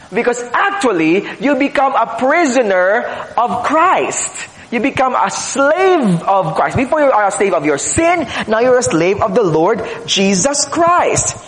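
A man's voice: very high voice, a bit bright. A man preaching a sermon as pastor, teaching earnestly with rhetorical questions and repeated phrases. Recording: echoey hall, long reverb.

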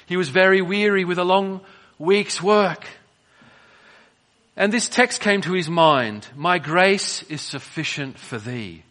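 A man preaching a sermon, swinging between soft, drawn-out phrases and emphatic bursts. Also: fairly high pitch.

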